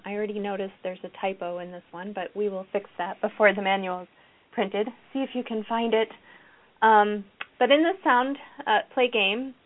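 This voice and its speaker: A woman gives a recorded lecture for teachers, walking through classroom games and acting them out as she goes. Her voice sits at a middle pitch. The audio is thin and phone-like. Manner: explanatory, models classroom activities aloud. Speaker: educator presenting a reading program.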